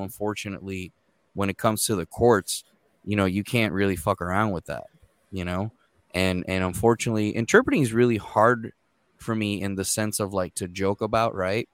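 A man's voice: on the low side, no echo. A man in his thirties, a court interpreter, telling stories in casual, profane podcast chat. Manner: profane, animated storytelling.

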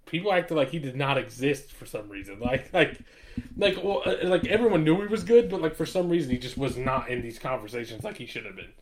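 A man's voice: mid-range voice, a little fast, a crowd in the background. Laid-back man hosting a sports podcast. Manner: laid-back, swears, laughs often. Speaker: podcast host. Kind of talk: casual sports chat.

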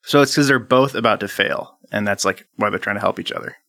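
A man's voice: on the low side, fast talker, creaky, pushed and bright, dry recording, clean studio sound. A young man chatting casually and speculating aloud as a podcast co-host. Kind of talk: casual comedic chat.

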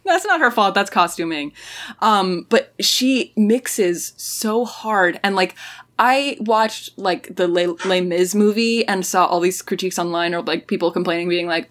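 A woman co-hosting a casual podcast chat, animated and opinionated, laughing often. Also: mid-range voice, a little slow.

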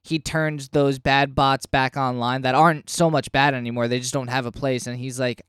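A man co-hosting a casual podcast, reviewing comics and getting animated and swearing when worked up. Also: mid-range voice, moderate pace, few pauses, smooth, no room sound, clean studio sound. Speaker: podcast co-host.

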